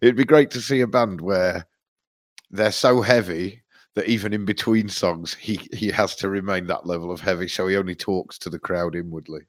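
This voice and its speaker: Low-voiced man bantering. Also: fairly even intonation, normal speed, no echo. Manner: jokey, sweary, loose banter with restarts. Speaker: podcast co-host. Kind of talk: casual chat.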